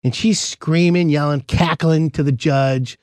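A man's voice: on the high side, fairly even intonation, a little slow, a little mellow, no room sound. A man co-hosting a podcast, telling a story in casual chat and acting out the other people's voices as he goes.

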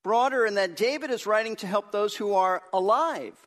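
A man's voice: high-pitched, normal speed, a bit bright. A man, a pastor, preaching an earnest and emphatic sermon to his congregation.

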